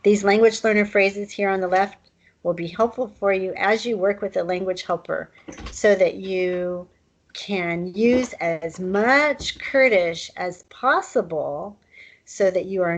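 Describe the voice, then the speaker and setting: A woman's voice: mid-range voice, slow pace, poor audio. A woman teaching a recorded online language lesson in a casual, chatty way, with fillers and asides.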